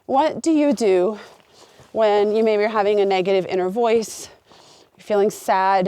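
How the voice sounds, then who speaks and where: A woman's voice: medium pitch, unhurried, dark tone, dry recording. Earnest woman vlogging on a mountain trail. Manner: earnest, open and heartfelt. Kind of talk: reflective talk to camera.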